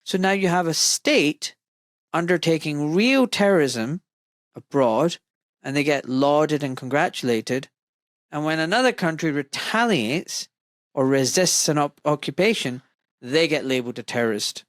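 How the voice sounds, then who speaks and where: A man's voice: a little high, expressive, a little slow, no echo. Impassioned man hosting a podcast. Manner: impassioned, rhetorical, mimics voices of others. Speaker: podcast host. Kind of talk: conversational podcast interview.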